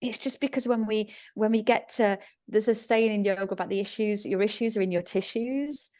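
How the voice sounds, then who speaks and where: A woman's voice: mid-range voice, fairly quick, darkish tone. A middle-aged woman, a podcast guest who teaches yoga, telling stories animatedly and acting out inner voices. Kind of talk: conversational podcast interview.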